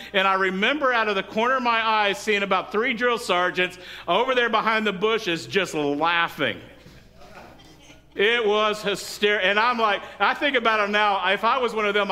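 High, bright-voiced middle-aged male pastor. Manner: lively storytelling, asks the congregation for responses. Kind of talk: sermon. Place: church before a congregation.

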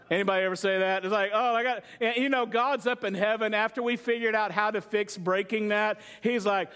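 A man's voice: sits high, steady tone, brisk, few pauses, fairly bright tone, clean tone. A man preaching a sermon to a congregation in a loose, conversational way, joking and asking them questions. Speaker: pastor.

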